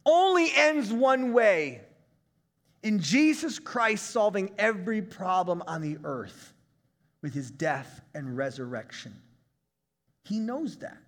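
A male pastor in his thirties preaching a conversational sermon, breaking into shouts now and then. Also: sits high, in a large hall.

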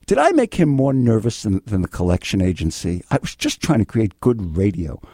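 An older man hosting a call-in legal advice radio show, blunt and excitable, swinging between yelling and calm. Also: fairly low pitch, brisk, slightly rough, no room sound, clean studio sound. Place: radio studio.

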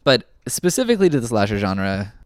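Smooth-voiced man chatting casually. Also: fairly low pitch, very animated, fairly quick, no room sound, studio quality. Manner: enthusiastic, rambling, self-deprecating. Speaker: podcast co-host. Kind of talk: casual chat.

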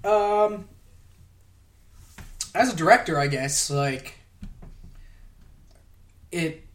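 Man, fairly high voice, casual podcast guest, rambling, laughs a lot, swears casually. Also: expressive, drawn-out words, fairly bright tone. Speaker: podcast guest, props worker. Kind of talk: casual chat.

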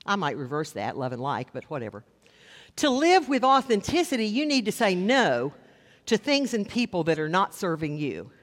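A man preaching a sermon as a pastor, conversational with wry asides, slowing down to stress key lines. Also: high-pitched, wildly swooping pitch, fairly bright tone. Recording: long reverb of a large hall.

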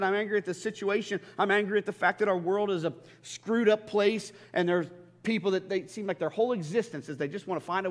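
A man preaching a sermon as a pastor, impassioned and stammering over restarts, swinging between loud and hushed. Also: high voice. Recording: long hall reverb.

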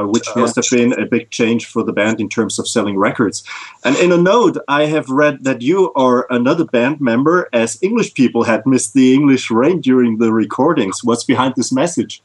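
A man acting as interviewer, putting a measured, prepared question to a guest. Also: medium pitch, rough recording.

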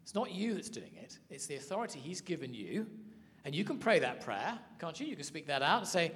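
A man teaching a sermon, telling stories in an animated way. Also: on the high side, a little fast. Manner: storytelling, animated. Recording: hall reverb.

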